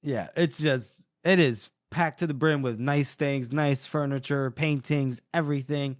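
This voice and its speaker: A man's voice: mid-range voice, a little slow, no room sound, studio quality. A man co-hosting a casual book podcast, retelling scenes and acting out the characters. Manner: animated storyteller, acts out characters' lines. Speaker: podcast co-host.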